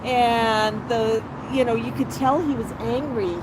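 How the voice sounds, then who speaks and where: A woman with a slightly high voice hosts a casual outdoor livestream, sliding between soft baby talk for her bird and friendly chatter with viewers. She sits on a patio, with steady traffic noise clearly audible behind her. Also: unhurried. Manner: coos baby talk to the bird and reads out chat comments. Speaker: livestream host with her pet cockatoo. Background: passing cars.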